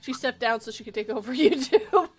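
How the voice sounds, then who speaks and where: A woman chatting casually on a stream, quick and teasing. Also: high-pitched, lively intonation, fairly bright tone, soft background music. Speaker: guest on a chat stream. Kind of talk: casual group chat.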